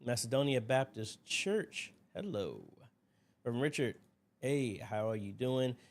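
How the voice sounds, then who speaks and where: Very animated yet a little slow, a medium-pitched man hosts a casual Q&A livestream at his desk. He talks into a desk mic by his computer, rambling chattily and greeting viewers by name.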